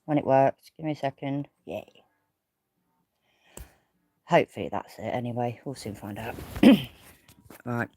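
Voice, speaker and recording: A woman's voice: very deep voice, lively intonation, a little slow, pauses often, warm tone, no room sound. A woman hosting a casual livestream from bed, rambling and self-deprecating as she greets her viewers by name. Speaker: livestream host. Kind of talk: casual live chat. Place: in bed, away from home. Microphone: audio only, no camera.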